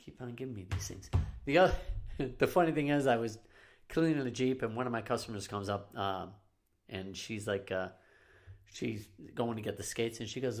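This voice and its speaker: Laid-back storyteller. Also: male voice, medium pitch, moderate pace. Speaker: podcast co-host. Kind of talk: casual chat.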